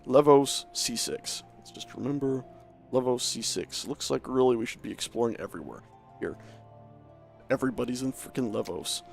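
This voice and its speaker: With vocal fry in his medium-pitched voice, a man streaming a building game talks at a moderate pace, chatty and self-mocking as he mutters to himself. Soft music plays in the background.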